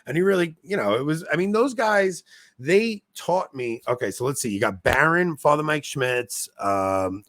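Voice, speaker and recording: A man hosting a podcast in casual chat, animated, laughing at himself and restarting his sentences. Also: medium pitch, no room sound. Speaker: podcast host.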